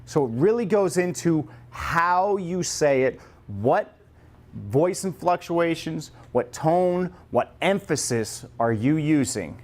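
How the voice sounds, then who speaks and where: A man running a customer-service training class speaks at a slow pace, his voice a little higher than most men's. He's lively and jokes with the group, acting out customer lines in quoted voices to make his point.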